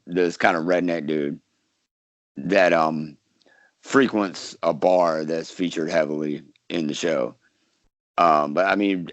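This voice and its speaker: A deep-voiced, slightly bright man from South Carolina, an actor, chats casually as an interview guest, rambling with lots of fillers and restarts. The recording sounds dull, dry and lo-fi.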